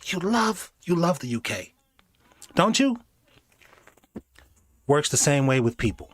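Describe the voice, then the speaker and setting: A man's voice: on the high side, slow pace, noisy background. A man hosting a reaction video, talking casually and jokingly, slipping into mocking voices. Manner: animated, jokey, does mocking voices.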